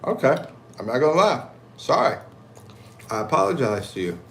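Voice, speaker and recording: Casual American livestream host, mid-pitched, easygoing, chuckles a lot; faint background noise. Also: male voice, normal speed, gravelly. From United States. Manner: laid-back, chuckling, reads comments aloud with animated voices. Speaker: livestream host reading chat. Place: at home in the Philippines.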